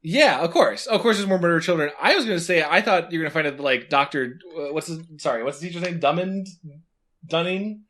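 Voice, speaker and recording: A man co-hosting a podcast, chatting casually with quick reactions and lots of fillers. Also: a little high, lively intonation, fairly bright tone. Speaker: podcast co-host. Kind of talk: casual chat.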